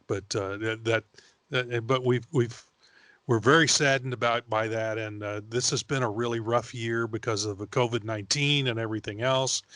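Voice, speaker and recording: A man co-hosting a casual podcast, hesitant and full of fillers as he feels his way through thoughts. His voice sits at a middle pitch. The recording is dry and close. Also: fairly bright tone, dry recording. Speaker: podcast co-host. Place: studio.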